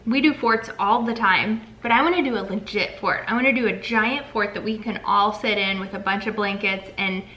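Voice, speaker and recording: A woman's voice: medium pitch, brisk, few pauses, pushed and bright, low-quality recording. A young woman co-hosting a casual chat, talkative and upbeat. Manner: chatty and upbeat. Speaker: co-host.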